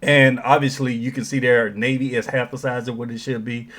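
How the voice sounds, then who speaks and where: A man's voice: mid-range voice, little pitch movement, fairly quick, fairly bright tone. A man hosting a political commentary show, talking in an opinionated, sarcastic way and mocking others in put-on quotes.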